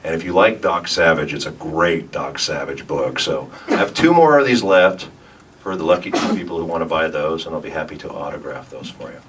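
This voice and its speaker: A man, a voice actor, telling animated stories and answering questions at a convention panel. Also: rumbling low, a little fast. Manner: animated storyteller, puts on voices in anecdotes. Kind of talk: panel talk with audience. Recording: noisy hall, miked from a distance.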